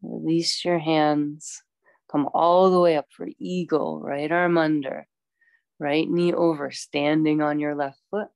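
A woman teaching a yoga class, calmly cueing poses and breaths with chatty asides. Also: sits low, takes it slowly, dry recording. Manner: calm, instructive, chatty asides.

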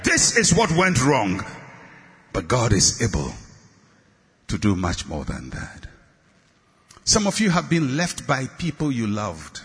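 Shouting preacher in a reverberant hall. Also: male voice. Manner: impassioned, rising to shouts and dropping low on refrains. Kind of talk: sermon.

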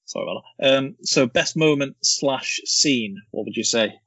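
A man's voice: mid-range voice, normal speed, a bit bright, breathy edge, no room sound. A man hosting a casual film chat, joking and asking the others questions. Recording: dull lo-fi sound.

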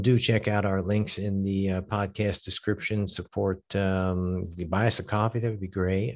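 Low-voiced American podcast host. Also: male voice. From northern United States. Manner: relaxed, lots of ums and uhs. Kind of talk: casual podcast hosting.

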